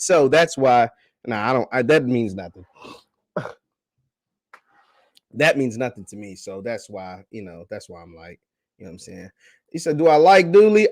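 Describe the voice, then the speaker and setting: A man hosts a casual livestream chat, reading viewer comments in a slangy, teasing way that swings between loud and quiet. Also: on the high side, dry recording.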